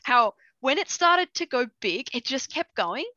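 A woman's voice: high-pitched, unhurried, no room sound, dull audio. A woman co-hosting a gaming show, joking and telling stories animatedly. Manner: animated, jokey storyteller. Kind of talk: casual review chat.

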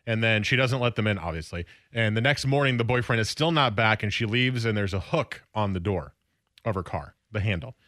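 A man's voice: fairly low pitch, sharp tone, dry recording. A man co-hosting a radio show, chatting casually and reading a clumsy story aloud with dry amusement.

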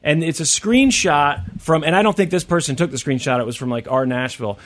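A man co-hosting a talk show, chatting casually and telling stories with animated energy. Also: fairly high pitch. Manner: quick, animated storytelling. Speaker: radio show co-host. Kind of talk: casual banter.

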